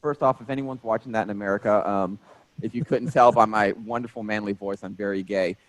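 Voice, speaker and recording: A man in his thirties, a stand-up comedian telling stories in a casual interview, animated and jokey. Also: lowish voice, a little fast, no echo, poor audio. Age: 30s.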